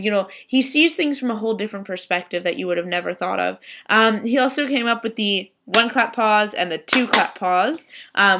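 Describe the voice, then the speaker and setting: A young woman with a mid-range, bright, forceful voice chats casually in a video journal about a student theater trip. She rambles, with many ums and restarts.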